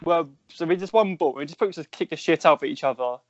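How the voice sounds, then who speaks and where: A man's voice: a little high, fast talker, no echo. A young man co-hosting a podcast, chatting casually and teasing his friends. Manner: playful teasing banter. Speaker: podcast co-host. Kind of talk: casual chat. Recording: dry, dull lo-fi podcast audio.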